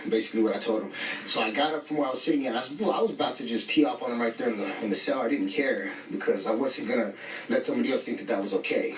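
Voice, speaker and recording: A man's voice: medium pitch, fast, slight background noise. A man telling a story in casual street slang, bluntly quoting himself and others as he goes. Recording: echoey, distant, faint music.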